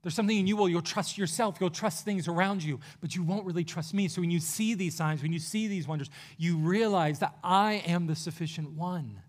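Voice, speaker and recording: Male pastor, slightly high voice, conversational sermon delivery, earnest, with quick bursts and pauses.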